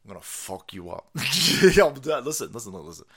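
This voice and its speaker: A man's voice: lowish voice, big pitch swings, moderate pace, slightly rough. A man hosting a livestream with crude, joking commentary, laughing often between remarks. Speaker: stream host.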